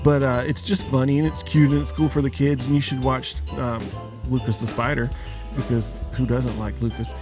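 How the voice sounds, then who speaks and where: A man's voice: medium pitch, level tone, moderate pace, over music. A man hosting a podcast, a father of young kids, delivering a joking, casual holiday rant and firing many questions at his listeners. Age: adult, father of young kids. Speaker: podcast host.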